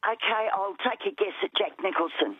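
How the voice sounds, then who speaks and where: Aussie woman calling a radio quiz, cheerful and chatty, husky voice over a tinny phone line. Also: medium pitch, expressive, brisk, no echo. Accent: Australian. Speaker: caller. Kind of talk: phone-in chat.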